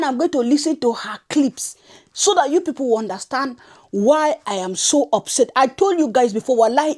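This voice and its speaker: Woman, high voice, fiery scolding reaction host. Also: a little mellow. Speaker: reaction commentator. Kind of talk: ranting reaction vlog.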